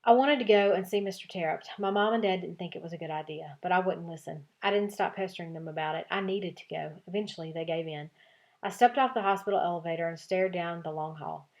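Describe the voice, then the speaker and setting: Woman, teacher, expressive read-aloud of a children's novel, lowish voice. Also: fast. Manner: expressive storytelling, voicing several child narrators.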